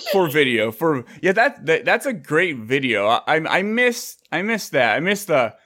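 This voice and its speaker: A man in his thirties hosting a casual podcast, excitable and jokey, swearing casually as he chats with guests. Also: on the high side, measured pace. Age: 30s. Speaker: podcast host.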